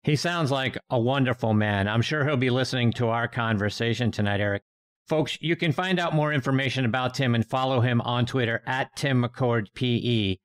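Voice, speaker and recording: A man's voice: medium pitch, normal speed. A man from Pennsylvania hosting a golf podcast, wrapping up an interview and speaking to his listeners. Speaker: podcast host.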